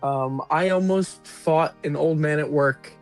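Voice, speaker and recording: A man calling in to a live show, telling a story in a measured, deadpan way. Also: on the high side, soft background music. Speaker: caller. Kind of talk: phoned-in confession story.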